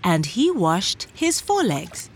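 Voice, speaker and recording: Slow, expressive woman telling a children's story. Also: medium pitch, husky. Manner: gentle, expressive, addresses young listeners.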